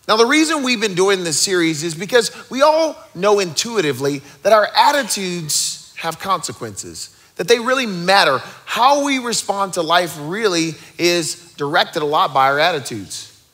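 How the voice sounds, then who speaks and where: A man in his thirties delivers a sermon as pastor, energetic and rallying the crowd with joking asides. His voice is high-pitched.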